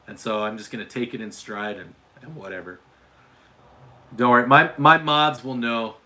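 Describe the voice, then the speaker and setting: Man, from Utah, livestream host, casual chat, rambling, repeats words, bright voice, middle pitch. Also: moderate pace. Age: adult father.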